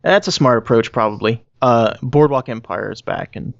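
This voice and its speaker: A man's voice: mid-range voice, normal speed, gravelly, no room sound, muffled recording. A man hosting a podcast, chatting casually and making wry jokes. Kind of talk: casual chat.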